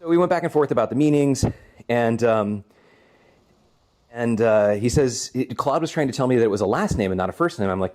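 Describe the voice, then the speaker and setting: A man's voice: mid-range voice, lively intonation, a little fast, a little mellow. A man co-hosting a gaming stream from home, telling long rambling stories in casual chat and chuckling often. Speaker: co-host of a gaming channel.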